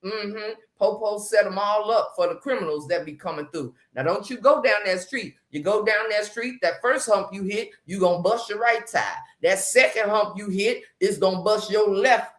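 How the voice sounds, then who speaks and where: A woman hosting a casual live chat, animated and slangy, greeting viewers by name as she talks. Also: mid-range voice, moderate pace, few pauses. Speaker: livestream host.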